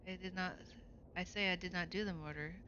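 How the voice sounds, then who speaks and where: A woman's voice: fairly low pitch, brisk, dull audio, slight background noise. A woman voicing a sly lying tree. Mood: guarded. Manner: old-fashioned formal speech, calm.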